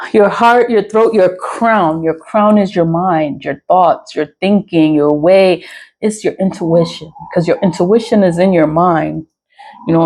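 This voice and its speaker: A woman's voice: fairly low pitch, a little mellow, rough recording. A woman talking to camera in a casual rambling monologue, frank, swearing freely and laughing often. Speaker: spiritual vlogger.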